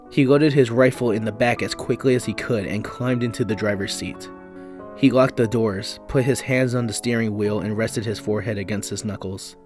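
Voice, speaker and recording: Brief: male horror narrator, low and measured, faint music bed. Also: darkish tone. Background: faint background music.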